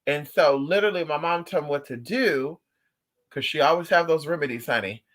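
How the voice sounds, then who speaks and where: Animated, profane man chatting with viewers. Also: fairly high pitch, a little fast. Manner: animated, profane storytelling with playful asides to viewers. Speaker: vlogger talking to viewers. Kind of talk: casual livestream chat.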